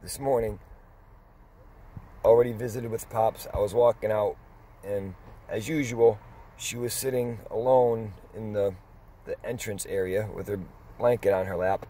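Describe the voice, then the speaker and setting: Low-voiced middle-aged man telling a story. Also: steady tone, mellow. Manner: rambling, conversational, with pauses and restarts. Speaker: dog vlogger. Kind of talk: casual storytelling.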